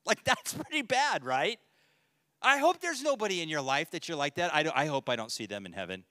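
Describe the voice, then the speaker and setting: A man's voice: on the high side, sing-song, fairly quick, bright, forceful tone, dry recording, clean studio sound. A man, a pastor, giving a casual, joking Bible teaching to a men's study group and reading scripture aloud.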